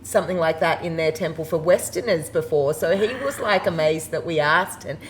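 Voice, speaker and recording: A woman's voice: deep voice, brisk, slight background noise, rough recording. A woman in her forties, a wedding and funeral celebrant, telling stories in a chatty interview and laughing often. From Australia. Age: 40s. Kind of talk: casual interview chat.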